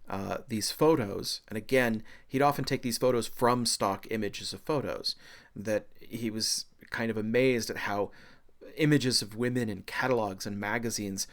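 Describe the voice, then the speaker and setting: Lively low-voiced male art lecturer. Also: moderate pace. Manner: animated, excitable, with frequent filler and self-deprecating jokes. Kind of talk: recorded university lecture.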